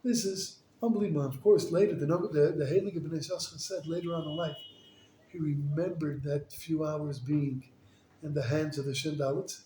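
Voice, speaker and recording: Animated rabbi in an echoey room. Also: male voice, fairly high pitch, normal speed. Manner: animated, casual, lots of "like" and "you know". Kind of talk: storytelling sermon. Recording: echoey room with faint noise.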